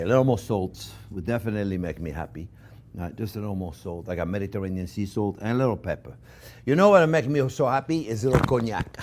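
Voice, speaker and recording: A man with a French accent, a chef giving a chatty cooking demonstration in a kitchen, repeating himself and talking to viewers as friends. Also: medium pitch.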